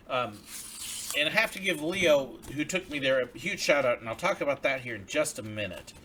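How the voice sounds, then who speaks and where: A man's voice: mid-range voice, animated, normal speed, bright, forceful tone. A man hosting a casual livestream, chatting and reading viewer mail aloud in a grateful, friendly way. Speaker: livestream host.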